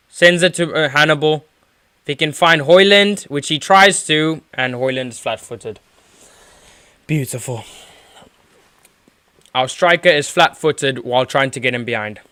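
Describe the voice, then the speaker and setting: A man's voice: on the high side, bright, forceful tone, clean tone, no room sound, studio quality. A man giving rambling live play-by-play as a football fan streamer, with lots of fillers and restarts. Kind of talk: live watchalong match commentary.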